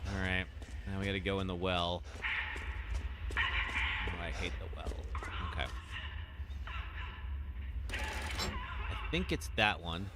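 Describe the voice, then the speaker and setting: A man's voice: deep voice, wildly swooping pitch, takes it slowly, pauses often, heavy background noise. A man live streaming a horror game, chatting casually with wry, joking remarks. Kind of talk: casual gameplay commentary.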